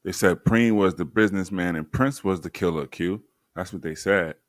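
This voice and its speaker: A man's voice: low voice, moderate pace, no room sound. A man hosting a casual podcast chat, laid-back and slangy, joking as he talks. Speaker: podcast host. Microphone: remote stream mic.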